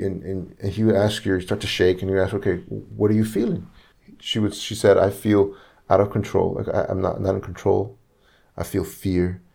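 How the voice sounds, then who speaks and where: A man with a low, gravelly voice preaches a sermon. He tells the story earnestly and voices each person's lines himself. He often repeats a word while he searches for the next one. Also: a little mellow. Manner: retells conversations, acting out each speaker's lines.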